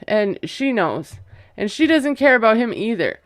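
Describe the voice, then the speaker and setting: A woman with a rather high voice chats through a reality show recap in a gossipy, animated way, acting out quotes in different voices and laughing as she retells scenes. She speaks at a normal speed, and the studio-quality audio has no echo.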